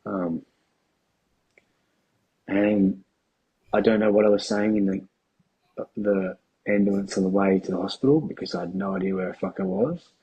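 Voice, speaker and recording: A man, a podcast guest telling a candid personal story in a casual, halting way with restarts and swearing. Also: low-pitched, darkish tone, husky, dull audio. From Australia.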